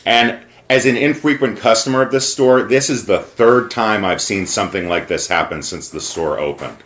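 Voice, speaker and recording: An American man making an angry complaint call over the phone, emphatic and pausing to choose his words. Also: lowish voice, fairly bright tone, a little hiss or hum. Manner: indignant, emphatic, pauses to pick words. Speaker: caller reporting to corporate. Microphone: phone call recording.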